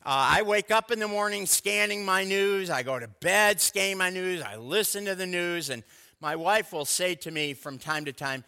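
This sermon comes from the same kind of veteran pastor, an older man with more than thirty years in ministry. His voice sits high, gravelly yet smooth with a sharp tone, at a moderate pace in a big room. He tells stories conversationally and speaks asides to his congregation.

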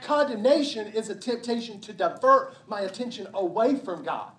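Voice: mid-range voice, lively intonation, normal speed, fairly bright tone. A pastor preaching a sermon in a church, conversational and emphatic, often checking in with the listeners. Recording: roomy hall sound from a distance.

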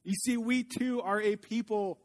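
A male pastor delivers a sermon in a notably high-pitched voice. He speaks earnestly and slows his pace when reading scripture. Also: steady tone, darkish tone.

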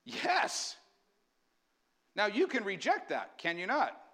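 A man preaching a sermon as pastor, energetic and often asking the congregation questions. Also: high voice, slow.

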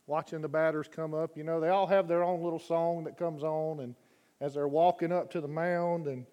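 A man preaching a sermon as a guest preacher in a church, folksy and chatty, rising to loud fervent scripture reading. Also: fairly high pitch, level tone, moderate pace, highs cut off. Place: church sanctuary.

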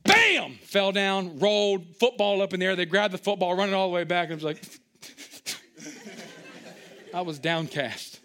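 A man preaching a sermon, animated and storytelling, who acts out little scenes with sudden high-pitched outbursts and drops into quiet asides. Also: quick pace. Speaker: pastor.

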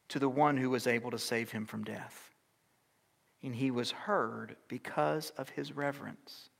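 A middle-aged pastor preaches a sermon in a gravelly, mid-range voice at a measured pace. He moves from loud, urgent exhortation to soft, almost whispered lines, with long hall reverb on the recording.

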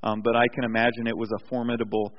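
A man's voice: medium pitch, fast, a little hiss or hum. Man preaching a sermon, hall echo. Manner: animated storytelling, frequent restarts. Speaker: pastor. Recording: dull recording with long hall reverb.

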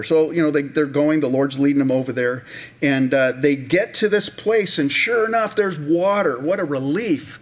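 A man preaching a sermon in a relaxed, conversational way, with many fillers and restarts, sometimes acting out voices of people in the story. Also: a little high, normal speed. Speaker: pastor.

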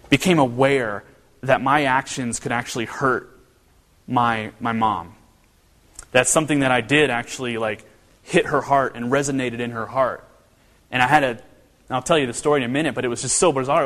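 In a mid-range, somewhat bright voice, a man preaches as a pastor from northern Kentucky. He speaks conversationally, often restarting and posing rhetorical questions, while a hall's long reverb trails his words.

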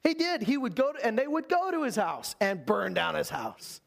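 A man preaching a sermon, reading scripture aloud and retelling it in a conversational, animated storytelling way. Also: high voice, normal speed, vocal fry.

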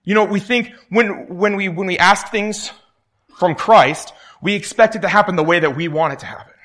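A man's voice: sits high, normal speed, a bit bright. A young man preaching a sermon in a conversational way, telling stories and acting out the voices of the people in them. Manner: conversational, tells stories and acts out quoted voices.

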